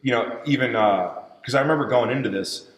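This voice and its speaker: A man talking as a podcast guest, animated, repeating himself and restarting sentences. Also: mid-range voice, brisk. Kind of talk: casual chat. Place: gym. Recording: roomy reverberant hall.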